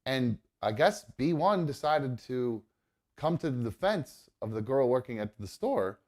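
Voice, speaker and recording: A man's voice: mid-range voice, animated, a little slow, a little mellow. Man, talk-show host, casual, rambling, filler-heavy, mid-range voice. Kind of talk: casual storytelling on a live show.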